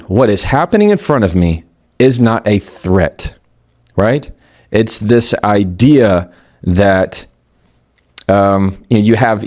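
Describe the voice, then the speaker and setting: A man with a fairly low voice speaks in a motivational talk. His pitch rises and falls a lot as he acts out the people in his story. He talks in a loose, conversational way and often starts a sentence over. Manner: conversational, animated, with quoted dialogue and restarts. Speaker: attorney and communication speaker.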